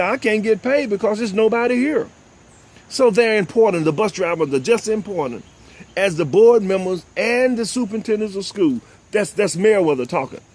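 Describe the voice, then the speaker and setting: An older man, hosting a talk show and delivering impassioned, preachy commentary, often repeating "ladies and gentlemen.". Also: high voice. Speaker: host.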